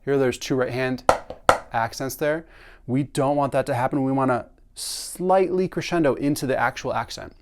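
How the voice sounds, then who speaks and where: Male snare drum teacher, casual instructional delivery, average pitch. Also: moderate pace, a little hiss or hum. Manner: relaxed, conversational, sings drum patterns aloud.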